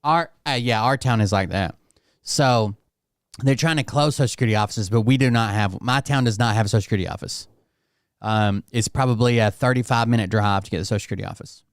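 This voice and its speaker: A man's voice: fairly low pitch, fast, clear, resonant tone, no room sound, studio quality. A man hosting a reaction show, talking in a blunt, profane, exasperated way. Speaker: channel host reacting to clips. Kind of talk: casual reaction commentary.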